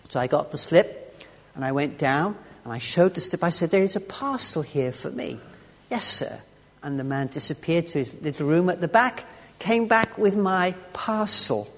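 Man preaching in a reverberant hall. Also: high-pitched. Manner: conversational, with asides and restarts. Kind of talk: sermon. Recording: long reverb of a large hall.

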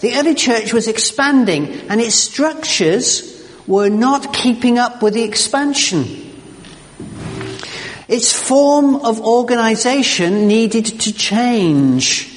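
A man preaching a sermon as pastor, emphatic and animated, often stumbling and repeating words. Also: extremely high pitch, slow. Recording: long church reverb.

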